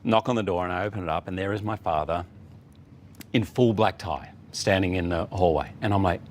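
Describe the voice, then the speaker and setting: A middle-aged man spins a story in an easy, animated way, full of little fillers. His voice sits fairly low. A faint hum of room noise is audible behind him. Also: fairly quick. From Australia. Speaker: guest. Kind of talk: casual storytelling.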